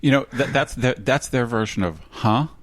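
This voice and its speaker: A man's voice: medium pitch, brisk, dry recording. A man from the United States co-hosting a podcast, chatting casually and acting out the voices in his stories. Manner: animated storyteller, imitates others' voices. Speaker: podcast co-host. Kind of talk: casual conversational podcast chat.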